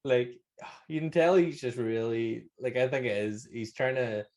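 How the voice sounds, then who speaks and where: A man's voice: mid-range voice, normal speed, a little mellow. A man with a Northern Irish accent co-hosting a podcast, retelling film scenes in casual, swearing, laugh-filled chat. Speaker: podcast co-host.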